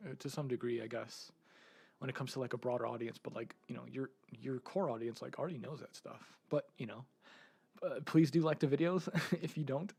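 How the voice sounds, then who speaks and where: Gravelly man chatting on stream. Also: medium pitch, a little mellow. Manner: rambling, laughing often, swearing, many restarts. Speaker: streamer and 3D content creator. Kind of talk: casual live-stream chat.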